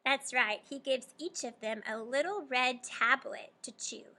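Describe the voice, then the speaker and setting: A young woman teacher guides young children through a storybook, pausing often to ask questions and praise answers. Her voice is bright and a little high, and she speaks slowly and carefully. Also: gravelly. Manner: encouraging, prompting and praising students.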